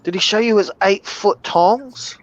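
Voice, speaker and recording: A man with a New Zealand accent in a casual chat, telling stories in a slow, laid-back way and laughing often. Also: sits high, lo-fi sound.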